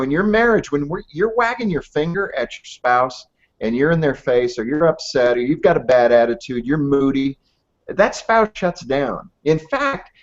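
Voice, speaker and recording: Heard on dull, lo-fi audio, an earnest middle-aged man with a fairly high voice is being interviewed conversationally. An author and ministry head, he tells stories and stresses his points emphatically, pausing along the way.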